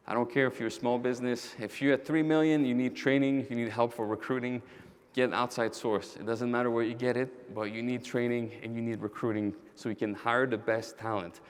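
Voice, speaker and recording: Energetic man giving a keynote. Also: mid-range voice, moderate pace, smooth. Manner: energetic, directly addresses the audience; storytelling with quoted dialogue. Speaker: keynote speaker, roofing company owner. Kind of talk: conference keynote talk.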